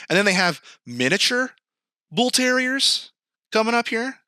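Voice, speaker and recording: Casting: bright, expressive man, casual podcast banter. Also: very high voice, measured pace, smooth, no echo, clean studio sound. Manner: animated, swearing, laughing, acting out quoted lines. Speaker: podcast co-host. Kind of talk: casual chat. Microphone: remote call mic, screen sharing.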